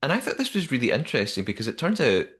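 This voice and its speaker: A man co-hosting a podcast in casual chat, chatty and animated, with frequent restarts. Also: mid-range voice, rapid-fire. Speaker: podcast co-host.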